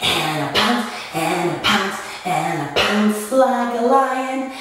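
A woman teaching a children's yoga and movement lesson, telling an animal story in a slow, singsong way. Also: medium pitch. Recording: echoey room from a distance.

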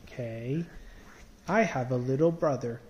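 A man talking casually with his young child in a home video, soft-spoken, patient and coaxing as he quizzes them. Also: mid-range voice, a little slow, lo-fi sound, slight background noise.

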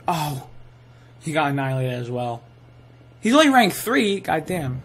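A young man giving live commentary while playing a shooter game, excitable and swearing, sometimes saying he is tired. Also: a little high, moderate pace, pauses often, breathy edge. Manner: excitable, swears, yells at kills. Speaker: gaming streamer.

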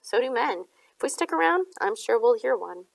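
A woman's voice: a little high, sing-song, normal speed, gravelly, no echo, voice pushed up, full character voice. A woman reading a cocky, teasing teenage boy in an audiobook, with lifted, bouncy lines. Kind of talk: audiobook character voice.

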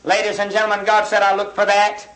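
An American man preaches with fervent urgency, driving home his point through pleading, repeated questions. His voice sits very high and rings bright and forceful. The sound comes from an old vinyl record with a roomy echo around him. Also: completely flat delivery, fast. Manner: impassioned, pleading rhetorical questions with repetition. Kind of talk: revival sermon.

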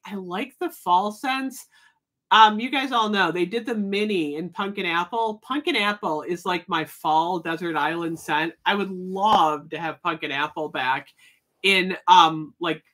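A woman's voice: mid-range voice, fairly bright tone. A woman hosting a casual livestream, chatting and replying to viewer comments, often laughing. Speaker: livestream host. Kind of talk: casual live chat.

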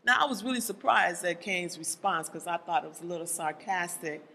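In a church sanctuary with long hall reverb, a preacher addresses the congregation in a medium-pitched, bright, forceful voice at a fairly quick pace. He presses listeners with pointed rhetorical questions.

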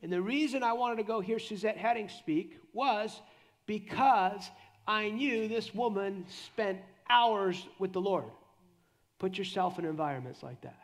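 At a church conference, a middle-aged man delivers a sermon in a high, gravelly voice with vocal fry. He preaches animatedly at a measured pace, sinking low and quiet whenever he acts out a prayer.

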